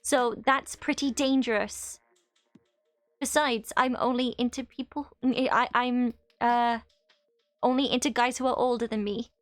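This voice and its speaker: A woman's voice: on the high side, fairly even intonation, unhurried, no room sound, faint music behind. A woman in her twenties chatting casually on a live stream while she plays, reading chat aloud and laughing often. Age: 20s.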